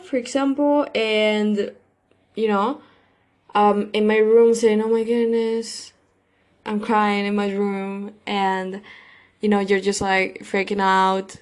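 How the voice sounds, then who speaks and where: A woman hosting her own podcast, talking casually and rambling, with many fillers and loose grammar. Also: medium pitch. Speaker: podcast host. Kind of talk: casual solo podcast monologue.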